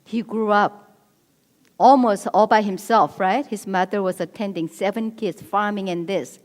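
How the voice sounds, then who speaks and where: Woman, middle-aged, church seminar speaker, earnest coaching tone, medium pitch, reverberant hall. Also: unhurried. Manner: earnest, coaching, repeats key points.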